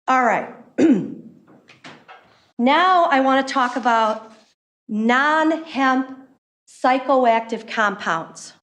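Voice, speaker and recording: A woman giving an impassioned public comment at a council meeting as a hemp business owner, emphatic and quick. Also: high-pitched. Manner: impassioned, emphatic, fast-talking. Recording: echoey meeting room.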